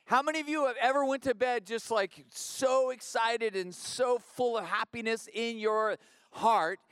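A pastor preaching a conversational sermon in church, repeating phrases and building rhythmic refrains. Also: male voice, extremely high pitch, unhurried, a bit bright, smooth, dry recording, clean studio sound.

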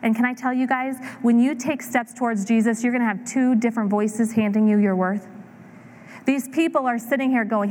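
A woman in her thirties preaching a sermon, telling a story with lively acted-out voices. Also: fairly high pitch, fairly quick. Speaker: pastor.

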